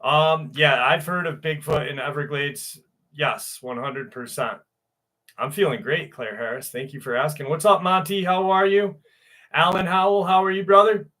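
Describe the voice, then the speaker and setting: Bright-voiced joking livestream host man. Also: a little high, fairly even intonation, normal speed. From New York. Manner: jokey, crude, greets chatters by name. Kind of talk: casual livestream chat.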